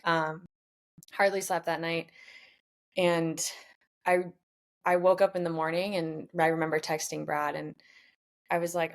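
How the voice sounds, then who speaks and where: A woman's voice: low voice, little pitch movement, a little slow, pauses often. A woman in her twenties, a professional triathlete, chatting candidly in an interview and retelling a tough race while quoting herself and others along the way. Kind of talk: casual storytelling in a podcast interview.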